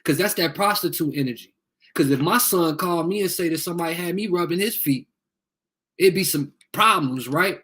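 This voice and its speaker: A man talks into his phone during a live video, his voice fairly high, a little fast and slightly bright. He's a livestreamer asking viewers for help in a heated, profane rant, confrontational and repeating himself as he appeals to them.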